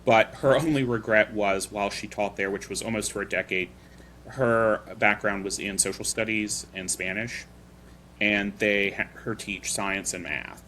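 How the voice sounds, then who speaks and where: Man, podcast host, low bright voice, chatty rambling, light noise. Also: steady tone, moderate pace. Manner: chatty storyteller, loose and rambling. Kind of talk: casual chat.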